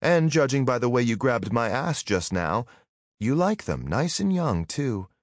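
A man's voice: mid-range voice, very animated, unhurried, dry recording, clean studio sound, voice pushed up. A man voicing a brash young woman fighter in an audiobook, mocking and cutting. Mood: taunting.

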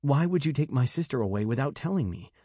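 A man's voice: medium pitch, animated, fast, mellow, no room sound, studio quality, pitched above the performer's own voice, lightly acted. A man voicing an intense, protective young man in an audiobook. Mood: pleading.

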